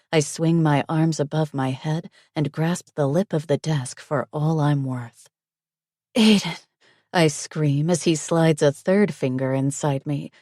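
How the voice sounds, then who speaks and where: A woman narrating a first-person romance audiobook, intimate and breathy. Her voice sits low and moves slowly, with a dark, mellow tone. The recording is dry and close. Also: dry recording.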